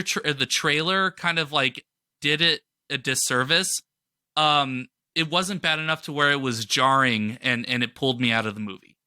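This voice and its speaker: A man's voice: on the high side, sharp tone, no echo, studio quality. A man chatting casually as a podcast cohost, enthusiastic and rambling with lots of fillers. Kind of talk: casual pop-culture chat.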